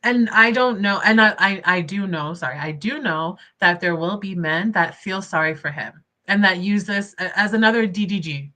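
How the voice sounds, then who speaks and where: A young woman hosting casual livestream commentary, expressive and indignant, laughing often between points. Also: medium pitch, moderate pace, hardly any pauses. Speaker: commentary channel host.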